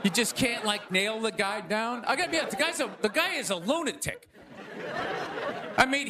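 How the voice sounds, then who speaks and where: A male stand-up comedian ranting with exasperated bursts of shouting, on stage before a live audience. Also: extremely high pitch. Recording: audience laughter and noise.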